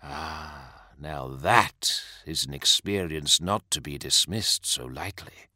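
A man voicing a possessed male demon prince who is silken and mocking, speaking slowly and theatrically. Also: a bass voice, bright, forceful tone, dry recording, studio quality, pitched below the performer's own voice, exaggerated voice.

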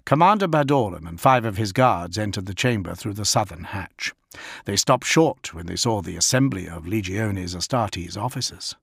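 A man narrating an audiobook in a steady, even storytelling manner. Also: lowish voice, normal speed, creaky, husky, no echo, studio quality.

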